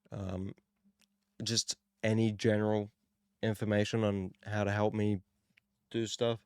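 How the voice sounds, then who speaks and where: A young Australian man with a relaxed, rambling manner, talking casually while opening trading cards. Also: fairly low pitch, clear, resonant tone, no room sound, studio quality. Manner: relaxed, rambling, self-deprecating. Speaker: card-opening channel host. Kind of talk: casual card-opening commentary.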